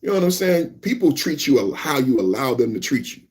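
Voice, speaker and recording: A man hosts a live reaction podcast and rants loudly, circling back over the same points again and again. His voice is husky with a slightly rough edge, pitched in an ordinary middle range, and he speaks directly to the viewers in his chat. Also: big pitch swings, brisk. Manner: loud, repetitive, talks straight to chat. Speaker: podcast host.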